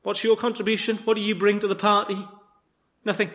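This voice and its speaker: Male preacher, high animated voice, rhetorical questions, muffled lo-fi church recording. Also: a little fast. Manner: lively, many rhetorical questions, restarts. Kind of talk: sermon. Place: church chapel.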